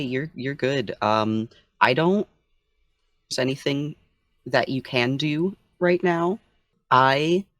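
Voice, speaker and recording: A man playing in a tabletop game, speaking in a halting, hesitant way. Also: lowish voice, fairly bright tone, no room sound. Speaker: player. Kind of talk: casual tabletop play.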